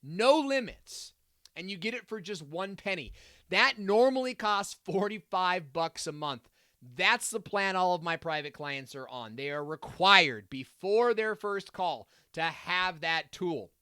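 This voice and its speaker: A man's voice: high-pitched, lively intonation, a little slow, bright, forceful tone, clean tone, no echo, studio quality. A man hosting a live stream, reading out viewer comments and answering them in a chatty, upbeat way with lots of fillers and asides.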